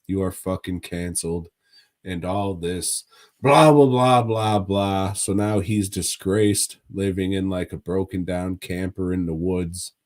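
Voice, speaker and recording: A laid-back man co-hosts a podcast, rambling through casual, profane movie chatter. His voice sits low, and he takes his time with every sentence. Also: steady tone, slow, darkish tone. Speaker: podcast co-host. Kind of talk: casual movie review chat.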